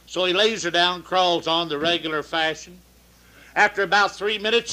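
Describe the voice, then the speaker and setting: A man's voice: high voice, moderate pace, pushed and bright, rough recording. A man with a folksy drawl telling bawdy jokes, acting out the people in them. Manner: folksy drawl, acts out quoted voices. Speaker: comedian telling truck-stop jokes.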